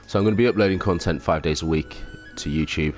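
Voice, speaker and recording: A man's voice: deep voice, quick pace. A man hosting a casual let's play at home, rambling and self-mocking with lots of ums. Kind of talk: casual gameplay commentary. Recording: game music underneath.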